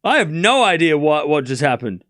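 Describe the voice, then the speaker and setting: Guy streaming a tennis watchalong, fairly high voice, chatty, laughs a lot. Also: moderate pace. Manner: excitable, laughs often, thinks aloud with restarts. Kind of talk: live commentary and casual chat.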